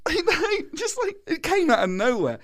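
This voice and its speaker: A man in his thirties tells a story on a podcast in a relaxed, casual way. His pitch swoops widely as he gets animated, and he laughs often between lines. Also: normal speed. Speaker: podcast guest, founder.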